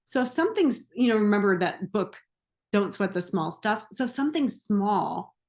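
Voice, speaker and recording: Chatty woman coach, medium pitch. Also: normal speed. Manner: conversational, laughs often, animated asides. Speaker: empowerment coach. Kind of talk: casual talk to camera.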